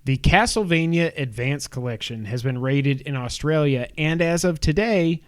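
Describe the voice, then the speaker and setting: A young man co-hosting a casual gaming podcast, running through news items with quick asides. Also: a little high, no room sound.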